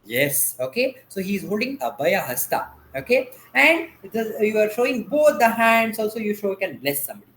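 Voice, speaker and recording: A man's voice: sits high, very animated, normal speed, hardly any pauses, a bit bright, echoey room. A man teaching a dance class over a video call. He patiently asks questions and has the students repeat each term after him.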